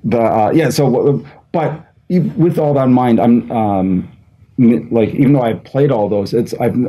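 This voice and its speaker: Rambling man with a mellow, low voice. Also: husky, rough recording. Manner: rambling with many fillers and restarts. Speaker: game designer on a convention panel. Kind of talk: casual panel talk.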